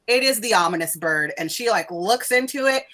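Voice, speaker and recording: A woman's voice: medium pitch, lively intonation, normal speed, a bit bright. A woman narrating as game master of a tabletop role-playing game, talking loosely with lots of "like" and laughter. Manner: loose, chatty, full of "like" and laughs.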